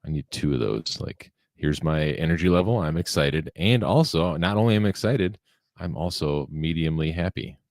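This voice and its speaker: A man in casual podcast chat, talking in a deadpan monotone. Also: a bass voice, normal speed, dry recording, studio quality. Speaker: podcast co-host.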